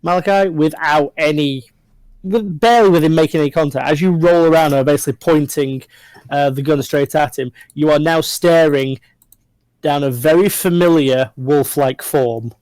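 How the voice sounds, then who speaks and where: A man's voice: fairly high pitch, moderate pace, darkish tone, no room sound, rough recording. A man running a tabletop role-playing game as game master over a voice call. He describes the scene loosely, with lots of fillers.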